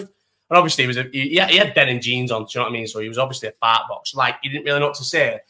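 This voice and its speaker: Speaking very fast at a medium pitch, a young man spins animated stories for his live stream, swearing constantly and leaning on slang.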